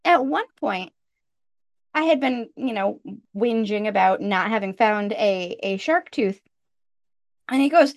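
A woman in her thirties, a podcast guest, telling a casual story with lively jumps in pitch when she quotes people. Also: a little slow, long pauses, no echo, clean studio sound.

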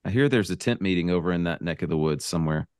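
Enthusiastic low-voiced male co-host. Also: fast, smooth, dry recording, clean studio sound. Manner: excited, enthusiastic. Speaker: podcast co-host. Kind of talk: casual chat.

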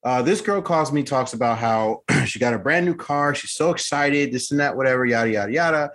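A man's voice: mid-range voice, brisk. A man co-hosting a casual podcast, telling a story with lots of fillers and acted-out quotes. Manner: animated, lots of fillers, acts out voices. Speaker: podcast co-host.

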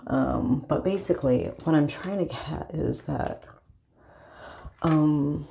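A young woman with a low, gravelly voice speaks in a casual confessional monologue. She rambles and swears freely, leaning on filler words. Her tone is mellow and dark. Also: slow, a little hiss or hum. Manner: rambling, profane, heavy use of filler words. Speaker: vlogger.

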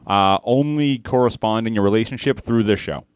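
A man's voice: on the low side, normal speed, clean tone, no echo. A man co-hosting a podcast, bantering and joking with his co-hosts. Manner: joking banter, playful asides. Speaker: podcast co-host.

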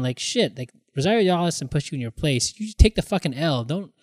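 A man in casual podcast chat, animated, acting out quoted lines and swearing freely. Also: a little high, fairly quick, no room sound.

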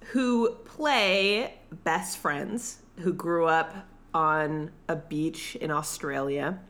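A woman's voice: fairly low pitch, a bit bright. A woman co-hosting a podcast in casual chat, teasing and crude, with frequent giggles. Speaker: podcast co-host.

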